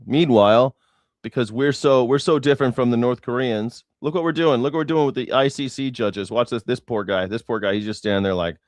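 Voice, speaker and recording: A man's voice: medium pitch, brisk, dry recording, studio quality. A young man hosting a news reaction show, sarcastic and mocking, with lots of swearing. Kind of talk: profane sarcastic commentary.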